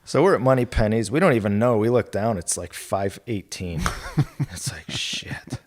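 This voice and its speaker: A middle-aged man with a fairly low voice telling casual golf-course stories on a podcast. He rambles from one anecdote to the next, quoting people along the way and laughing. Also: animated, normal speed, a little mellow. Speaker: golf club territory manager guest.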